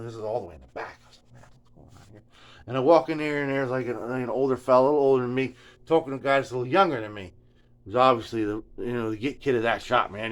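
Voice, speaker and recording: A man's voice: mid-range voice, a bit bright. A middle-aged man telling a rambling, casual story in his home workshop. He stammers and mutters, often trailing off into near whispers. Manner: stammering, mumbling, drops to near whispers, lots of filler. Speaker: guitar repair vlogger. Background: furnace.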